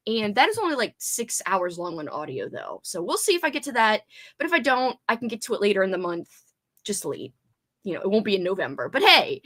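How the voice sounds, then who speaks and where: A woman's voice: fairly high pitch, sharp tone. A woman hosting a casual reading livestream, bubbly, greeting viewers by name and laughing often. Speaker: booktube livestream host. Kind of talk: casual live chat with viewers.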